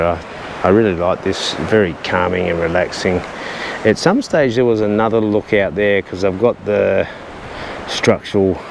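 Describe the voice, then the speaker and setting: A man narrating a casual walking vlog on coastal trails, chatty and rambling with a light joking tone. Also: deep voice. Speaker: vlogger. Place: outdoors on coastal cliff trails and caves. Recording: outdoor recording with clear ambient noise.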